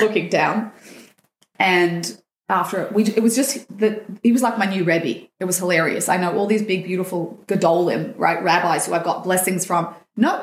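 Animated woman telling a story in a roomy room. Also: fairly low pitch. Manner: animated, acts out quoted dialogue. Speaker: dating coach guest. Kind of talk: personal storytelling in a podcast interview.

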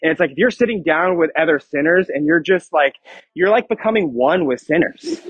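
A man's voice: fairly high pitch, animated, a little fast, a bit bright, breathy edge, no echo. A young man preaching to middle schoolers, playful and joking with them as he reads scripture aloud. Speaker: youth pastor. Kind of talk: youth sermon. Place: church youth room. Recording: dull lo-fi sound.

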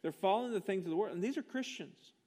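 High-voiced man preaching with emphatic fervor. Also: lively intonation, fast talker, dark tone. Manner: passionate, emphatic preaching with rhetorical questions. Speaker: pastor. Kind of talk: sermon.

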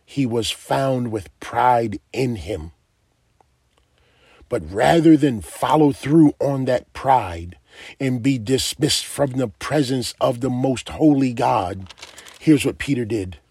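A man's voice: medium pitch, expressive, takes it slowly, darkish tone, breathy edge, dry recording, clean studio sound. A man preaching a sermon, emphatic and asking his listeners direct questions.

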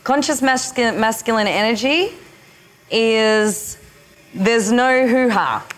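A woman spiritual teacher leading a retreat session, speaking slowly and haltingly with many pauses. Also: fairly high pitch.

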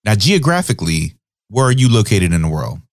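Laid-back male host, lowish voice, dry close sound, casual questions. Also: a little fast, dry recording. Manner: relaxed, easygoing questions. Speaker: podcast host. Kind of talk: casual interview.

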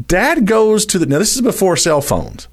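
A man with a Louisiana accent spins a dramatic tale in a folksy, chatty way. His voice is somewhat high for a man and swings widely in pitch as he builds the story. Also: huge pitch swings, moderate pace. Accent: Louisiana Southern US. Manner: folksy, dramatic, addresses listeners as y'all. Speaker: storyteller guest. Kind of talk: animated storytelling.

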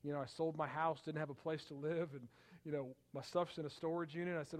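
Middle-aged man preaching, slightly high voice. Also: quick pace. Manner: conversational preaching, rising for emphasis, frequent restarts. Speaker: pastor. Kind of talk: sermon.

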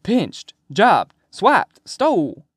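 A man voicing a brash, teasing male patient who sings loudly and plays mock-innocent. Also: on the high side, animated, unhurried, no room sound, clean studio sound, voice pushed up. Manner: loud sing-song, mock-pitiful.

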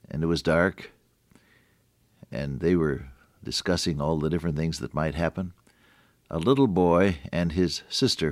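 An older man giving a folksy devotional radio sermon, talking straight to the listener and swinging between hushed lows and emphatic high points. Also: dry recording, studio quality. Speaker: radio preacher.

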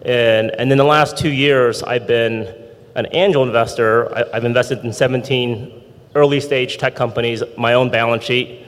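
A man's voice: mid-range voice, fairly even intonation, moderate pace. Businesslike male entrepreneur on a panel. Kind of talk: panel discussion. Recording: long hall reverb.

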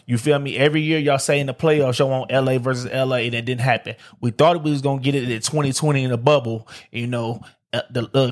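A man from Detroit hosting a solo sports podcast, talking in a loose, slangy way and often repeating "like I said" and "man". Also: mid-range voice. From Detroit, USA. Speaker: podcast host. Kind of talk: casual solo sports talk. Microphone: streamed live on camera.

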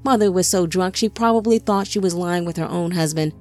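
Woman narrating a story, low voice. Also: darkish tone, faint music behind. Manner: measured, storytelling.

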